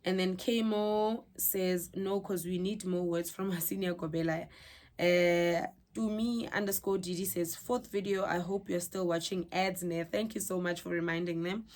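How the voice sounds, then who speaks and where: A woman with a South African accent reads her viewers' comments aloud and reacts to them in a relaxed, chatty way. Her voice sits slightly low. She drops easily into Setswana phrases between English sentences. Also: moderate pace, hardly any pauses. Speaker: vlogger reading viewer comments. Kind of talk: casual chat.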